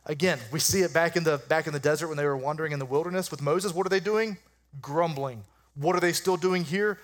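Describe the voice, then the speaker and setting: A middle-aged pastor delivers a sermon in a loose, conversational way, mixing jokes with scripture. His voice sits a bit high for a man, and he drags out key phrases to stress them. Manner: conversational preaching with humor, slowing down for emphasis.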